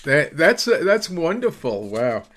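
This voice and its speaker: A man hosts an online song gathering in a casual, halting way, with frequent fillers and chuckles. His voice sits slightly on the high side. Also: sing-song, heavy background noise. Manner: hesitant, full of fillers, chuckling. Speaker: host of an online song swap. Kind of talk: casual hosting.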